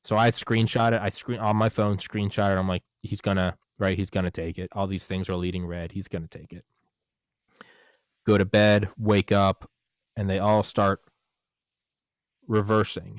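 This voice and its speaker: A man hosting a podcast in a casual monologue, talking in an animated way with swearing, rhetorical questions and quick asides. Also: fairly low pitch, clear, resonant tone, no room sound. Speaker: podcast host.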